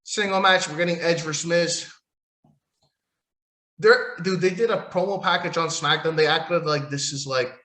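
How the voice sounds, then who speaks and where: A man's voice: on the high side, moderate pace, pushed and bright, reverberant. A man hosting a solo wrestling podcast, ranting in a profane, sarcastic, rambling way while losing his voice. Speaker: podcast host.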